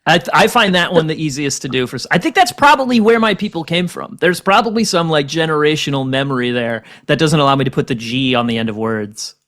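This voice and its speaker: An American man hosting a podcast in casual chat, joking and self-mocking with quick asides. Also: a little high, animated, fairly bright tone. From United States. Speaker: podcast host.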